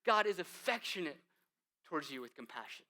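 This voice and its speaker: A man preaching a sermon as the church's pastor, in a conversational style with asides, moving between hushed and emphatic delivery. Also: fairly high pitch, sing-song, a little fast. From United States.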